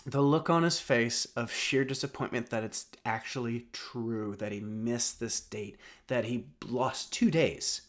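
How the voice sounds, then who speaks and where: A man's voice: mid-range voice, a little slow, few pauses. A man in his thirties giving a casual spoken recap of a TV episode, rambling with lots of fillers and restarts. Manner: rambling, many fillers and restarts, chuckles often. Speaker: film and TV reviewer.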